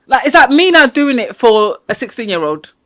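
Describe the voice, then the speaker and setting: A woman's voice: on the high side, big pitch swings, normal speed, sharp tone. Laughing woman telling a story. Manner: laughs often, acts out voices in her stories. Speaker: podcast co-host. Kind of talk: casual chat, storytelling.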